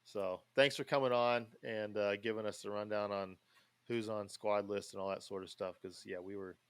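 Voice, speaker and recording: Man, podcast host, smooth and clear voice, dry close sound, rambling casual talk. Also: on the low side, level tone, moderate pace, no room sound. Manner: rambling, with many fillers and restarts. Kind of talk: casual chat.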